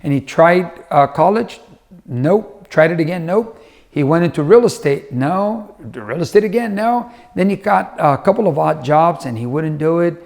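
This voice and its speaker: A middle-aged man giving a motivational talk, with a gravelly, slightly high voice. He tells stories in a loose, conversational way and slips into the voices of the people he quotes. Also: lively intonation, brisk, hardly any pauses, a little mellow. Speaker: motivational speaker.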